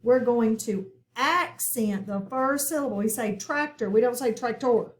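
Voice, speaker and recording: A woman's voice: a little high, moderate pace. A woman teaching a recorded phonics lesson, patient and checking in often with her listeners.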